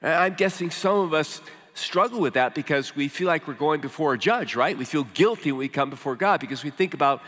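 A male pastor preaching a sermon, swinging from emphatic lines to hushed, slow scripture reading. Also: on the high side, expressive, long reverb tail.

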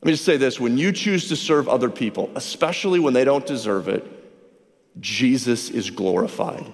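Male pastor mid-sermon, lively and animated, voicing characters in his illustrations, reverberant church sanctuary. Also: medium pitch, moderate pace. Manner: animated, acts out both sides of conversations.

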